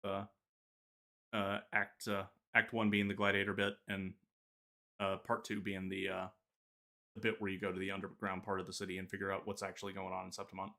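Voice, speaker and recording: A man co-hosting a casual gaming podcast, talking in halting bursts full of filler pauses. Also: deep voice, completely flat delivery, sharp tone. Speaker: podcast co-host.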